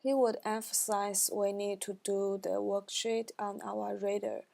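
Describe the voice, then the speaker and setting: A young woman student reads back what her class covered, careful and halting in non-native phrasing. Her voice is dark and mellow with a gravelly edge of fry. She keeps an even, unhurried tone with very little lift. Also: medium pitch. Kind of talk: reading a class recap.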